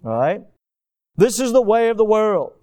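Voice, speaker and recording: A man preaches a sermon in a fairly high, smooth and resonant voice. He speaks earnestly and slows down to lean on key phrases. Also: big pitch swings, dark tone. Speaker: pastor.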